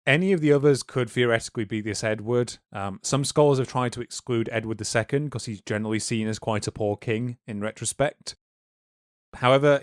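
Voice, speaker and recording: A man talks through history for a podcast in a relaxed, lecturing manner, full of small asides and fillers. His voice sits at an ordinary middle pitch. The sound is close and dry. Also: no echo. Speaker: podcast co-host. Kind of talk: casual history podcast explaining.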